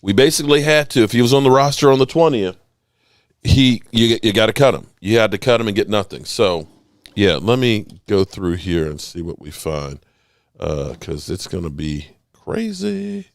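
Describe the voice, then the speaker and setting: A man hosting a casual sports podcast, talking in an animated, excitable way and swearing now and then. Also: normal speed, no echo, clean studio sound. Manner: animated, excitable, swears, acts out quotes in a high voice. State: voice strained, coughing.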